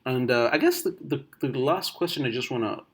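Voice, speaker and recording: A man from Uganda, thinking aloud in a casual monologue, full of restarts and fillers, swinging between loud bursts and quiet asides. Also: mid-range voice, expressive, fairly quick, breathy edge. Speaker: vlogger.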